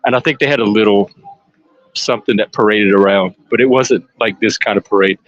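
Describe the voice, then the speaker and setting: A man, casually commenting on a parade live for listeners, excitable and chatty. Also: lowish voice, fairly quick, dull audio. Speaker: live stream panelist. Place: outdoors at a street parade.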